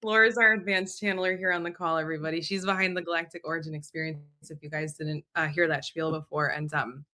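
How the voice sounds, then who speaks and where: Woman host, low-ish bright voice, loose and casual, swears a lot, video call. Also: steady tone, quick pace, few pauses. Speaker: host and channeler. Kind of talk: casual live chat. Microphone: video call mic.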